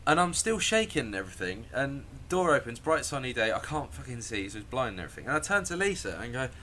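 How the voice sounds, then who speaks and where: A man telling a story casually, animated and sweary, often laughing and acting out the scenes. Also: mid-range voice, fast, slight background noise.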